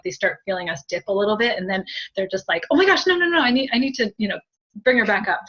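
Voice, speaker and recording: A woman leading a spiritual group reading as a medium. She talks in a chatty, giggly way, full of fillers and thank-yous, at a middle pitch. The sound is dull and lo-fi. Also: a bit bright.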